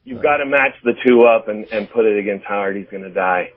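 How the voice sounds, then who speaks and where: A man calling in to a radio show, casual and animated. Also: on the low side, a little fast. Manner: casual, animated "dude" talk. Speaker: caller. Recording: tinny phone line.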